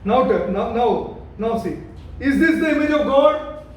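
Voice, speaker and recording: A man's voice: extremely high pitch, lively intonation, measured pace. A man teaching a Bible study, repeating himself and putting questions to his listeners. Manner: repetitive, questioning the listeners, emphatic. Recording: very echoey room, voice from a distance, light noise.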